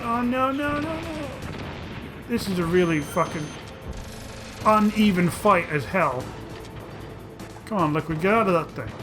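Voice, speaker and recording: Excitable swearing gameplay commentator. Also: male voice, sits high, measured pace, long pauses. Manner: excitable, profane, loud outbursts. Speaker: let's play host. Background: game music.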